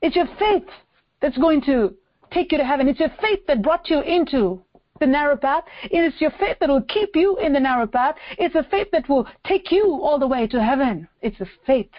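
High-voiced woman preaching emphatically. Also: lively intonation, moderate pace, lo-fi sound. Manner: emphatic, repeats phrases and asks rhetorical questions. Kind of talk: sermon.

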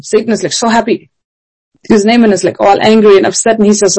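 A woman's voice: medium pitch, steady tone, fast, darkish tone, slightly rough, poor audio. A woman preaching a sermon in an earnest, emphatic way, often asking rhetorical questions.

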